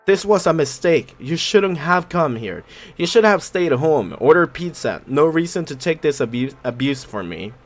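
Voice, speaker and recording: A man reading a game's cruel blind date, a harsh inner voice, in a slow, cutting, theatrical way. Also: a little high, sing-song, faint music behind.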